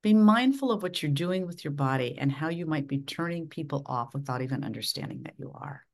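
A middle-aged woman from Minnesota, a leadership coach giving measured, instructive advice as a podcast guest. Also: expressive. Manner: measured, instructive, dramatic swings of pitch and volume. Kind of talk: podcast interview.

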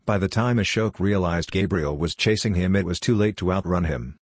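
A man narrating an audiobook story in a steady, even way. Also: low voice, a little fast, no echo, studio quality.

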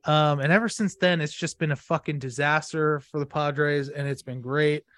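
Smug guy gloating about his team, swearing, dry close mic, bit high voice. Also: steady tone, normal speed, fairly bright tone, dry recording. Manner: gloating, profane, mocking. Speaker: podcast co-host. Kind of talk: casual sports talk.

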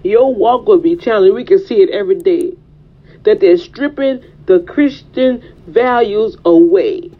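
A woman's voice: medium pitch, unhurried. A woman preaching a fervent sermon in a repetitive preaching cadence. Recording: dull, lo-fi recording.

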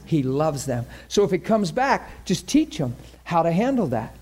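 A man teaching a class on faith healing in a lively, conversational way, often acting out what people say and pray. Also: on the high side, moderate pace. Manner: animated, acts out quoted prayers and voices. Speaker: ministry teacher.

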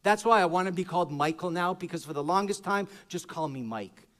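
A man preaching with a high, bright-pitched voice that climbs into shouted praise, then drops into soft, confiding storytelling. He breaks into joking asides along the way, in sermon style. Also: brisk. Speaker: pastor.

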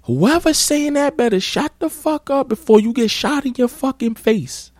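A man voicing a furious young woman on a bus who shouts profane threats, in a casual podcast anecdote. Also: very high-pitched, animated, normal speed, dry recording, studio quality, pitched above the performer's own voice. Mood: furious, threatening.

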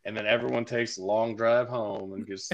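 A man's voice: lowish voice, moderate pace, dull audio. A man co-hosting a casual sports podcast, joking and cursing as he tells stories. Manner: joking, profane, animated storyteller. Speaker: podcast co-host.

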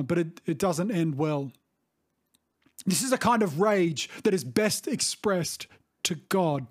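A middle-aged man preaching a sermon as a pastor, earnest and reflective, often pausing to restate himself. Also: a little high. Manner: earnest, reflective, with frequent restarts and "you see".

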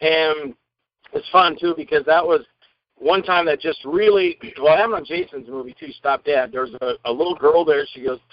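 Animated male storyteller, dull dry sound. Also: on the high side, normal speed, vocal fry, no echo. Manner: animated, acts out quoted lines in varied voices. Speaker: actor and interview guest. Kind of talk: anecdotal storytelling in an interview.

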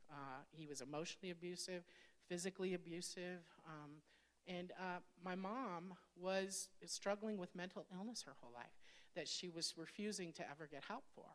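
A woman's voice: fairly low pitch, moderate pace. A woman in her fifties, a pastor, telling her personal testimony in a candid, conversational sermon that speaks straight to the congregation. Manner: candid, conversational, addresses audience directly.

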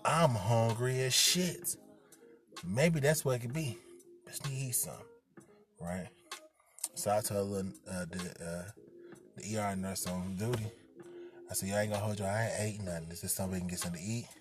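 A man with a fairly low voice tells a personal story in loose, profane street slang, slipping into the voices of the people he quotes. Music plays clearly underneath the whole time. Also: moderate pace, pauses often. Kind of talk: casual storytime.

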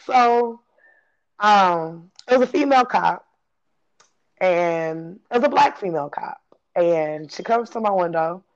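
A woman in her thirties from Illinois tells her own story casually in a lowish, unhurried voice, pausing often. She laughs a lot, curses freely and acts out what people said, all on a dull lo-fi recording.

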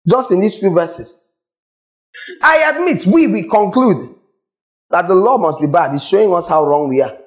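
A man's voice: high-pitched, sing-song, a little slow, low-quality recording. A man preaching a sermon, emphatic and scolding, questioning his congregation directly and repeating his points. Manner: emphatic, repetitive, asks the audience questions.

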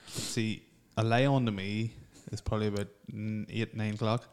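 A man's voice: on the low side, flat delivery, normal speed, a little mellow, clean tone. A young man in casual chat, teasing and blunt, swearing often.

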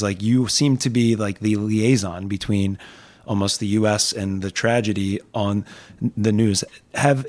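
A man hosting a podcast, asking long rambling questions full of fillers in casual chat. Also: fairly low pitch. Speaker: podcast host.

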